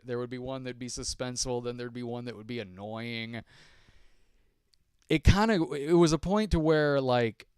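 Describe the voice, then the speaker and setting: Here a middle-aged man hosts a podcast as a relaxed live stream, working through viewer questions with rambling, frequent restarts, filler words and chuckles. He has a mid-range, darkish but clean voice. The audio is studio quality with no echo.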